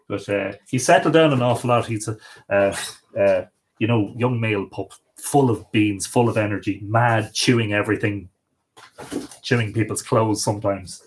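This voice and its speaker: A man's voice: fairly low pitch, moderate pace. A middle-aged Irish man hosting a casual livestream from home, talking in a rambling, chatty way. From Ireland. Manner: rambling, chatty, coaxing his dog in a sing-song voice. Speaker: livestream host.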